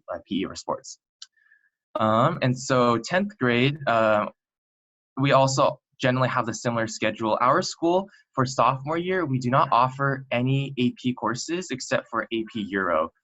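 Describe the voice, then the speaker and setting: A man's voice: mid-range voice, a bit bright. A young man from California giving a casual online presentation as a student, rambling with many fillers and restarts. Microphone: computer mic on a video call. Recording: muffled lo-fi video call audio.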